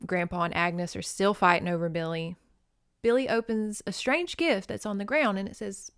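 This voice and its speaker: A woman hosting a podcast, recapping a movie in an animated, emotional, casual way with some swearing. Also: mid-range voice, moderate pace, clear, resonant tone, dry recording, studio quality. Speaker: podcast host.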